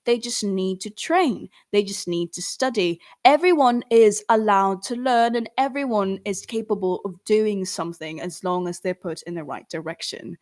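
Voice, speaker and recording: Young woman chatting on a livestream, earnest and encouraging, voice jumps up when she gets animated. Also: medium pitch, moderate pace, few pauses. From Philippines. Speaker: singer and artist answering fans. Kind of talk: casual livestream chat.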